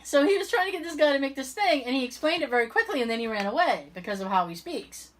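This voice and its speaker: A woman co-hosting a podcast in casual chat, telling stories in an animated way and swearing freely. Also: high-pitched, fast. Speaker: podcast co-host.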